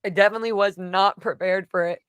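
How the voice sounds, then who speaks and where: A woman's voice: mid-range voice, steady tone, quick pace, smooth, no room sound. A woman vlogger telling a personal story in a casual, rambling way, full of "like" fillers. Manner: rambling, emotional retelling with frequent "like" fillers. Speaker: vlogger recounting a personal event.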